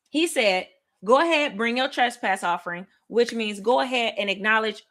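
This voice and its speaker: Bright, high-voiced woman teaching scripture. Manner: lively, laughing, talks straight to viewers. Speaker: Bible study host. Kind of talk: casual livestream Bible teaching. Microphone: webcam or desk mic on a live stream.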